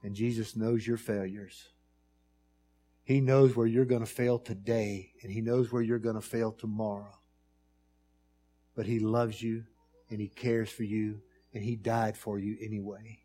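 A man preaching a sermon, moving between hushed pleading and loud, emphatic storytelling with repeated rhythmic phrases. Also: fairly low pitch, flat delivery, unhurried, breathy edge.

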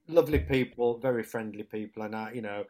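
A man from Hull with a northern English accent, an actor telling stories in a relaxed interview, full of restarts and quick impressions of other people. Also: on the low side. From Hull, England. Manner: chatty storyteller who breaks into lively impressions, with many restarts. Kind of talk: casual anecdotal chat.

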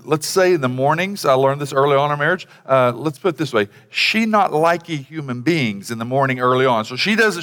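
A middle-aged man preaching in a conversational, rambling way, full of fillers and restarts, with acted-out bits of dialogue. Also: a bit bright. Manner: acts out quoted dialogue in a lower voice. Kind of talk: sermon on family devotions. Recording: long hall reverb.

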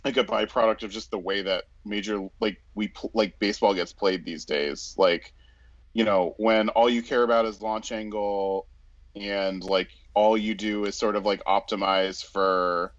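A man's voice: fairly low pitch, steady tone, unhurried, dry recording, lo-fi sound. A man in casual sports chat, rambling with many fillers and restarts.

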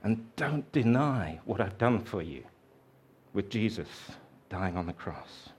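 Male preacher, slow deliberate delivery, reflective sermon storytelling. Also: fairly low pitch, expressive, husky. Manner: slow, reflective storytelling with dramatic quoted voices.

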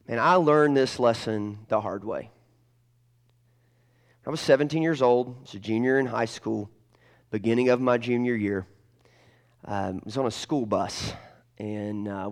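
Male pastor, animated sermon storyteller, middle pitch, loud-to-hushed swings.

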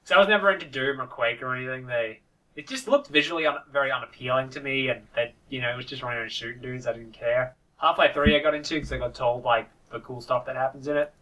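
A man chatting casually about video games, rambling and animated, with quick impressions. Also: mid-range voice, far from the mic, rough recording. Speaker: podcast co-host.

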